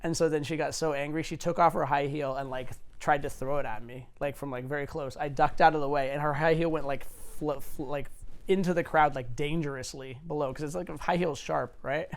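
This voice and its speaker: A man's voice: fairly high pitch, fairly even intonation, a little fast. A man in his forties, a dating coach, telling stories casually, loose and profane with many fillers. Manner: swearing, filler-heavy, anecdotal. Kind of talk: casual storytelling.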